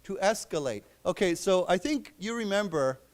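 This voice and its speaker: A man teaching a live English class, slowly explaining vocabulary and quizzing his students. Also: high voice, animated. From United States. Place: library lecture room.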